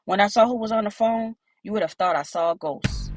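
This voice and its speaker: A woman's voice: mid-range voice, fairly quick, few pauses, faint music behind. A woman narrating a first-person audiobook in a plain, conversational storytelling manner.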